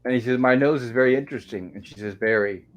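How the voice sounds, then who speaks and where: A man's voice: mid-range voice, quick pace, highs cut off. A man hosting a casual online show, recapping an old sitcom episode and reading the characters' lines aloud in a chatty storytelling way. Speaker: host.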